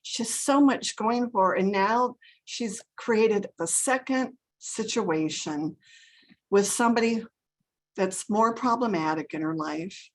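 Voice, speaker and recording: A woman's voice: mid-range voice, takes it slowly. Upset older woman, close to tears. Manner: earnest, rambling, full of fillers. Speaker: study group participant. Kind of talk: emotional personal sharing. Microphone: video call.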